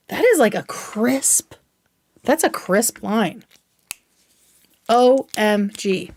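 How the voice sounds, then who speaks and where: A young woman hosting a livestream, chatting casually and excitedly while reviewing makeup, swearing now and then. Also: mid-range voice, dry recording. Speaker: livestream host.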